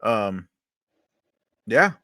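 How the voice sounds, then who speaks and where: A man's voice: lowish voice, very animated, drawn-out words, bright, forceful tone, no echo, studio quality. A man co-hosting a wrestling podcast, talking casually and analytically, with profanity and ums. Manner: laid-back analytical, profane, with filler ums. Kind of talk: casual chat.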